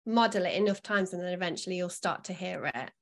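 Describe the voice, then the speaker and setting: Woman early learning expert, calm reassuring tips, casual podcast chat. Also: on the low side, fast, gravelly. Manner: calm, reassuring advice giver.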